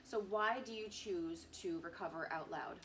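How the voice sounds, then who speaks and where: A woman with a lowish voice asks questions and chats in a conversational way, sounding set back from the microphone. A faint hiss runs beneath her voice. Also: normal speed, fairly bright tone, recorded from a distance. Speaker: interviewer. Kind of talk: interview.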